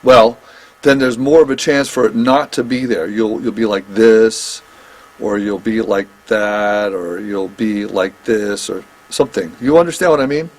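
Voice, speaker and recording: A man teaching a private drum lesson, explaining technique in halting phrases with restarts and frequent check-ins with his student. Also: on the low side. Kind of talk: one-on-one instrument lesson.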